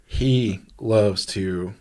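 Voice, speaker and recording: A man's voice: lowish voice, very slow, darkish tone. Rambling male co-host, chuckling. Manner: rambling, trails off, laughs at his own jokes. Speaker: podcast co-host. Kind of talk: casual chat. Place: studio.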